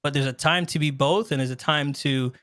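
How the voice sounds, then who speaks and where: A man hosting a casual show, talking in an animated, joking way and laughing often, on a close handheld microphone. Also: on the high side, brisk, no room sound. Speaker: host and wedding MC. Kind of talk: casual talk show chat.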